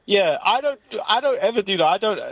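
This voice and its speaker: Brief: English male co-host, slightly high voice, dry close sound, loose rambling banter. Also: a little fast, no room sound. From England. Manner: laughs often, lively and rambling. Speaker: podcast co-host. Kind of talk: casual chat.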